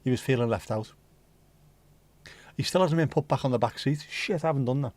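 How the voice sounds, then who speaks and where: A man's voice: mid-range voice, fairly quick, darkish tone, no echo. A man hosting a livestream, chatting casually and reading out viewer comments in a rambling way, with the odd swear. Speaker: livestream host.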